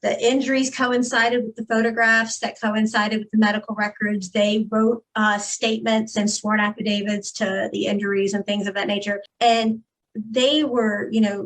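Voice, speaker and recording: A woman's voice: a little high, fairly even intonation, moderate pace, poor audio. A woman giving a candid, earnest personal testimony as a guest in an interview, with frequent fillers.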